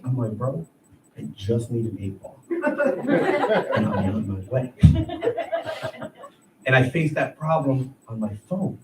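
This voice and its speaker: A man in his thirties doing a profane, animated stand-up set on a comedy club stage. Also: medium pitch, moderate pace. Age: 30s. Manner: profane, animated, acts out voices. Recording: echoey room, heard from a distance. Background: audience laughter and room noise.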